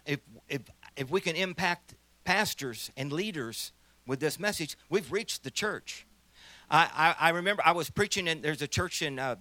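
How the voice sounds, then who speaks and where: A man in his sixties, a minister, tells his testimony in a rambling, conversational way, often restarting his sentences. His voice is bright and forward and sits a little high for a man. The sound is close and dry. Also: no room sound. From St. Louis, USA. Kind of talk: personal testimony at a church gathering.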